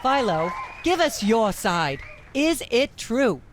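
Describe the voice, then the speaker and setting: A woman's voice: on the high side, sing-song, slow pace, soft background music. An actress voicing a gossipy, smug female talk-show host in a video game, theatrical and prattling. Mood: gushing.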